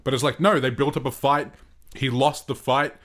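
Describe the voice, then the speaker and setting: A man's voice: mid-range voice, fairly even intonation, moderate pace, a bit bright. A man co-hosting a casual film review podcast, explaining his views thoughtfully with hesitant fillers. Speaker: podcast co-host.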